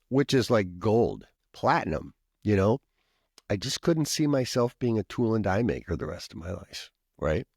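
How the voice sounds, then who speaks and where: A man with a medium-pitched voice, a pastor and professor from Minnesota, rambles through a long personal story as a podcast guest, with plenty of asides and frequent coughs. The audio is studio quality with no echo.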